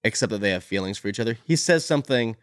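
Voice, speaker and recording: A man's voice: lowish voice, racing, smooth, no room sound, studio quality. A man co-hosting a podcast, chatting casually about a book while sick with a cough drop in his mouth, acting out quotes as he goes. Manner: animated, acts out quotes from the book. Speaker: podcast co-host.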